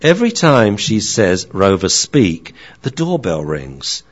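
A man's voice: fairly low pitch, big pitch swings, slow pace, full character voice. A man voicing the thoughts of a curious male Doberman guard dog, thinking aloud in a chatty way. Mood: puzzled. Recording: dull lo-fi recording.

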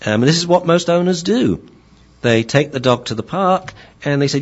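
A man's voice: on the high side, lively intonation, moderate pace, lo-fi sound. A man who trains dogs, hosting a radio talk show and explaining with acted-out examples.

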